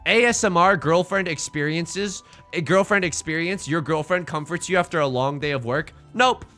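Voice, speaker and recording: A man's voice: a little high, normal speed, soft background music. A man streaming, chatting casually and jokingly with viewers while playing a game. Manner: rambling, jokey, animated asides.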